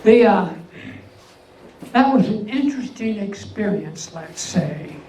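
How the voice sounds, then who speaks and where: An older man with an unusually high voice doing a stand-up comedy set, delivering deadpan one-liners with pauses before each punchline. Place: veterans' hall event room. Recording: echoey hall, mic far off, faint hum.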